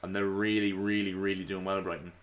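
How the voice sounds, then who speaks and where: A man giving casual, opinionated football commentary to his viewers, slightly hoarse. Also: low-pitched, level tone, brisk. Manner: chatty, opinionated, addresses viewers as lads. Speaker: football vlogger.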